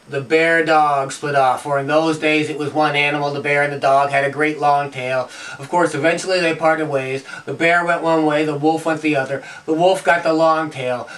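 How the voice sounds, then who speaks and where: A man's voice: a little high, fairly bright tone. A man telling animal lore and myth as an oral storyteller, playful, with puns and rhythmic repetition. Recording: distant from the mic.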